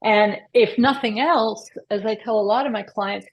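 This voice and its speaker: A middle-aged woman therapist talks through her ideas in a relaxed interview, with a voice a touch higher than most. She is reflective and explanatory, and she often ends a thought with an inviting "right?". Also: moderate pace, husky. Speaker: therapist guest. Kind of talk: conversational interview.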